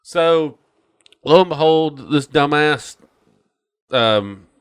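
A man with a fairly high, clear, resonant voice speaks very slowly on a casual podcast chat. He rants about a movie, swearing heavily and quoting it mockingly.

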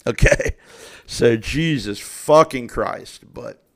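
A man's voice: mid-range voice, slow pace, vocal fry. A young man hosting his own podcast, telling stories and giving opinions in a casual rant full of swearing and exasperated outbursts. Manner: heavy profanity, animated and exasperated storytelling. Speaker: podcast host.

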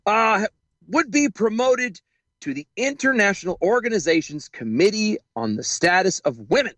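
A man co-hosting a casual commentary show, reading news aloud in a sarcastic, animated way and laughing often. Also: high-pitched, moderate pace, dry recording. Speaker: podcast co-host.

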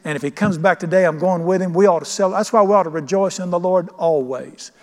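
A man's voice: high voice, quick pace. A pastor preaching a sermon, emphatic and questioning his congregation. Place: church sanctuary. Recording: long church reverb.

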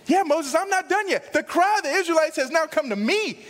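A man's voice: very high voice, expressive, brisk, fairly bright tone, big-room sound, voice pushed up. A man voicing God as a patient, commanding male deity who speaks in insistent declarations. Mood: declaring.

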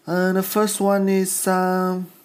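A man doing a casual comedy monologue, halting, with broken grammar and many restarts. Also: sits high, completely flat delivery, clean tone. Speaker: stand-up comedian.

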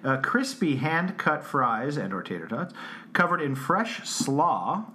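A man's voice: fairly high pitch, sing-song, pushed and bright, slight background noise. A man co-hosting a casual podcast who reads a menu aloud with jokes and frequent laughter. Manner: jokey, laughs often, drawn-out reading. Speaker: podcast co-host.

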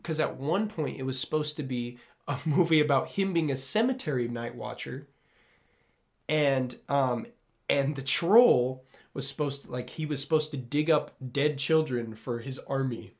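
A man co-hosting a casual movie podcast, his pitch sitting in an ordinary middle range. He talks in a chatty, loose way, laughing often and trailing off mid-sentence. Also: moderate pace. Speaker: podcast co-host. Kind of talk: casual movie-review chat.

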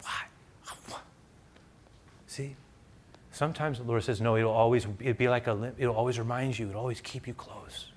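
A middle-aged man preaching a sermon, telling stories conversationally and growing loud and animated at times. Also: medium pitch, normal speed, pauses often, slight background noise. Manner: conversational, animated storytelling with bursts of loud excitement. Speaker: pastor.

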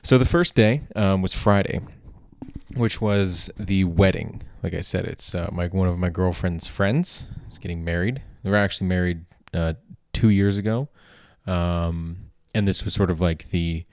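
Very low-voiced man, rambling podcast host. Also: steady tone, moderate pace, darkish tone, no room sound, studio quality. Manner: rambling, heavy on filler words and self-corrections. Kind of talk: rambling comedic monologue.

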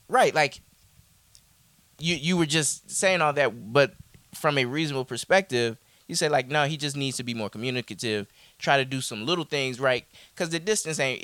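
A podcast co-host rambles through a casual recap of a show's story, restarting often and quoting characters in voices. His mid-range voice is a bit bright and fairly quick, with no room sound.

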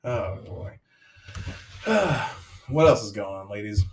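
A man's voice: fairly low pitch, expressive. Joking man hosting a chat podcast. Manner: joking, swears freely, quick asides. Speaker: podcast host. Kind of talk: casual chat among friends. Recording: distant mic with crowd noise.

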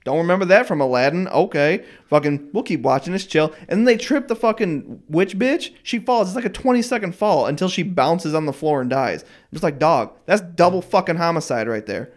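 A man in casual chat, telling profane, animated stories and acting out the other people's voices. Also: on the high side, brisk, hardly any pauses. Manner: profane, animated storyteller who acts out voices.

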